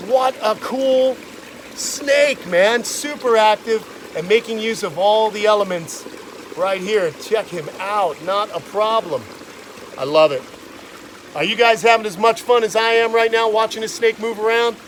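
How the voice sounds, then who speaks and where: Outdoors by a pond, a man who hosts a reptile channel runs a casual live stream, chatting enthusiastically and addressing his viewers directly. His voice is high-pitched and fairly bright, with a little hiss or hum on the recording.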